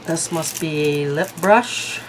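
Lady vlogger chatting through her review haul, lowish voice, bit of hiss behind. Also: slow pace, poor audio. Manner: chatty, thinks aloud with many ums. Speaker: beauty vlogger. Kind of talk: casual product review vlog.

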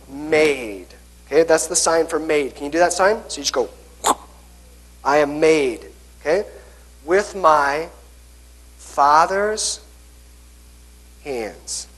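A man's voice: fairly high pitch, fairly bright tone, slightly rough, poor audio. A young man, a pastor, giving a children's message in church, coaxing the kids through hand signs and checking in with "okay?" again and again. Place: church sanctuary.

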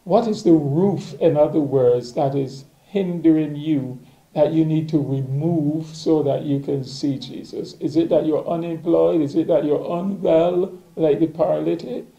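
A man preaching a daily reflection, reading scripture and musing on it at a slow, thoughtful pace. His voice sits a little high for a man, yet it has a mellow, gravelly texture. The room around him rings with echo. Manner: slow, measured, reflective delivery.

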